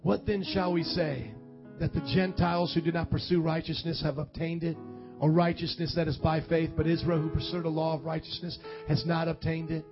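A man preaching a sermon and reading scripture aloud, dramatic, swinging from loud calls to quiet low reading. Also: little pitch movement, a little fast. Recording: dull lo-fi sound with faint music.

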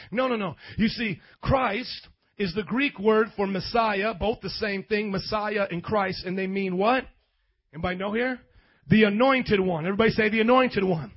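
A man preaching a sermon, calling on the congregation to answer him and building up to shouts. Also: very high voice, animated, moderate pace, slightly rough, muffled recording. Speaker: pastor.

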